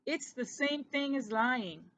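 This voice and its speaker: Storybook figure: woman reading as a little boy mouse, squeaky, high and sorry for himself. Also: lively intonation, takes it slowly, a bit bright, exaggerated voice. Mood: remorseful. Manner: squeaky, tearful, apologetic.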